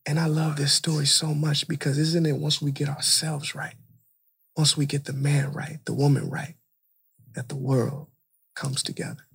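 A man who is an inspirational speaker, a guest on a podcast, telling a story in animated conversation and repeating phrases for emphasis. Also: fairly high pitch, normal speed, gravelly, slightly rough.

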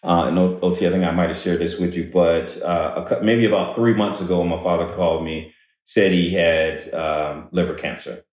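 A man telling a personal story in conversation, halting and repeating words as he goes. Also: low-pitched, fairly even intonation, darkish tone. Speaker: guest speaker on workplace diversity. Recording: very echoey room.

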